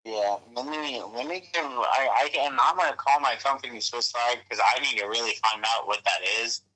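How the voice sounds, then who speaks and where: A man on a phone call with a very bright, sharp tone at a middling pitch. He answers haltingly and apologetically, stopping and restarting as he works things out. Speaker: prank call target. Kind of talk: phone conversation.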